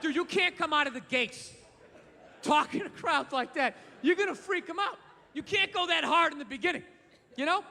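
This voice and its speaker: Loud ranting comedian man on stage. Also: very high-pitched, expressive, moderate pace, gravelly. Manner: ranting, shouting bursts, crude swearing. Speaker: stand-up comedian. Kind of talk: stand-up comedy set. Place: theater stage. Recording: live in a theater with long reverb and faint crowd noise.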